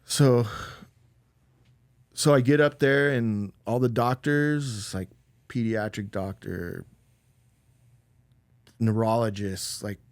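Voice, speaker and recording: A man's voice: fairly low pitch, fairly even intonation, slow pace, pauses often, no echo. A middle-aged man, a podcast guest, telling a personal story in a casual, rambling way full of "like" and with emotional swings.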